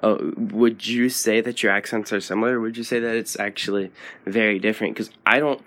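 A man's voice: fairly low pitch, fairly even intonation, fairly quick, a bit bright. A man leaving a recorded question for a podcast, meandering and friendly with occasional chuckles. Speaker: listener caller. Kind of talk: recorded voice message.

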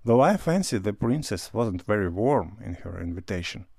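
A man doing an earnest blunt country gentleman. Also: lowish voice, sing-song, moderate pace, vocal fry, no echo, clean studio sound, exaggerated voice.

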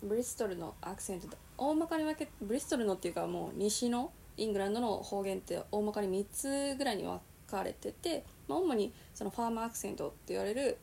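A woman with a Japanese accent hosts a casual chat, talking quickly. Her mid-pitched voice has a gravelly edge, with faint noise behind it. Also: animated, warm tone. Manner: quick, chatty, responsive with short backchannels. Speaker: host. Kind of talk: bilingual casual podcast.

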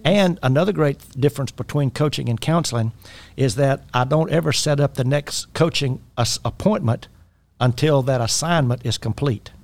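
A man's voice: medium pitch, normal speed, creaky, a little mellow. A man talking as a life coach about faith and personal responsibility, earnest and exhorting. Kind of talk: faith-based coaching talk.

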